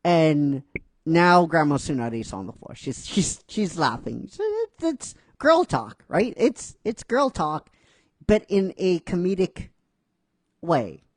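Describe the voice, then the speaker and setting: A man narrates a fan-written story in a casual, rambling way, checking in with listeners. His delivery is unhurried with lively swings of pitch. The recording is dry and close. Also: no echo. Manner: rambling, many restarts and "right?" asides.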